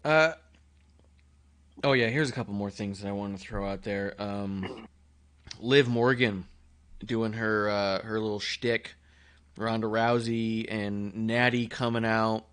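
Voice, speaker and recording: A man's voice: fairly low pitch, fairly even intonation, slow pace, pauses often, fairly bright tone, smooth. A man co-hosting a casual podcast chat, rambling and laughing often. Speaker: podcast co-host.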